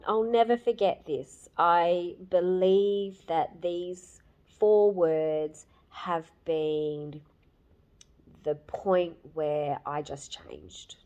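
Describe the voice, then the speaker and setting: Slow, low-voiced woman in her fifties. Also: darkish tone, dull audio. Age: 50s. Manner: candid and emotional, with fillers and pauses. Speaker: program client giving a testimonial. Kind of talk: personal testimonial.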